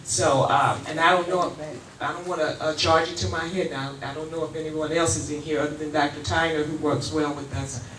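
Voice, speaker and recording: A woman's voice: low voice, steady tone, fairly quick, a bit bright. Heartfelt woman, echoey distant hall. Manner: heartfelt, informal, a little breathless. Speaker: foundation president welcoming the audience. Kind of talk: welcoming remarks at a town hall. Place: community meeting hall. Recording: roomy hall, far from mic, faint noise.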